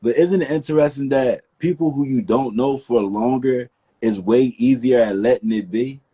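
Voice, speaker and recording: A man with a warm, slightly husky voice joins a candid talk-show chat. He speaks animatedly, swearing and calling people "bruh" as he spins out examples and questions. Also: medium pitch, normal speed.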